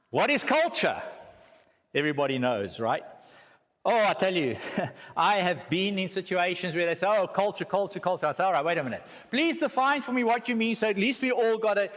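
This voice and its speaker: Animated South African man in an echoey hall. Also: sits high, fairly quick. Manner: animated, joking asides and rhetorical questions. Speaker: guest speaker. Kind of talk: church teaching talk with slides. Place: church hall.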